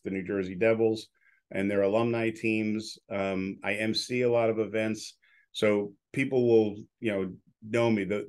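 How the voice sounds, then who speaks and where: A man in his sixties, an announcer who also owns a business, speaks in a lowish, slightly mellow voice. He's telling stories in a casual interview, outspoken and acting out the people he quotes.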